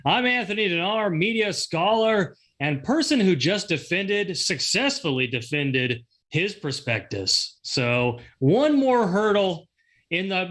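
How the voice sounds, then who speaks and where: A man's voice: on the high side, a bit bright. A man hosting a casual podcast, rambling and correcting himself, laughing often. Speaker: podcast host. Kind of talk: casual chat.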